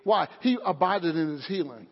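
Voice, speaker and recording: A man's voice: on the high side, lively intonation, moderate pace. A man preaching a sermon as pastor, fervent and calling out for amens, recorded in a church sanctuary. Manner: fervent preaching, calls for amen. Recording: echoey hall, dull lo-fi audio.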